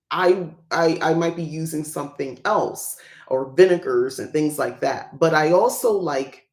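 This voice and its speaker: A chatty livestream host who rambles through casual talk with plenty of fillers and small laughs. The voice sits at a middling pitch with a gravelly, creaky edge, and the room gives it a noticeable echo. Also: darkish tone. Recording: roomy echo.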